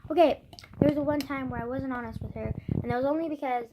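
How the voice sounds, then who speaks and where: A woman's voice: high voice, quick pace, background noise. A teenage girl telling a story to the camera as a casual rant, with lots of fillers and swearing. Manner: swears a lot, many fillers, venting. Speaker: vlogger.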